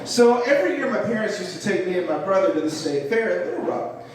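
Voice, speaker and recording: A young man doing self-deprecating, animated stand-up at an open mic in a small club. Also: sits high, fast talker, distant mic, a crowd in the background. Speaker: comedian. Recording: echoey club, mic heard from afar.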